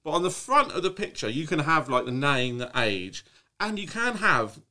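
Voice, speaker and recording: A man's voice: fairly high pitch, sing-song, normal speed, bright, forceful tone. A man chatting on a podcast, rambling through a story with lots of restarts and swearing. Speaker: podcast co-host. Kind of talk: casual chat.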